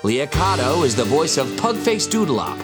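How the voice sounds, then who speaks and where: A man's voice: on the high side, sing-song, moderate pace, over music. A man narrating as game master of a tabletop role-play podcast, telling the scene vividly and theatrically. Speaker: game master and head writer.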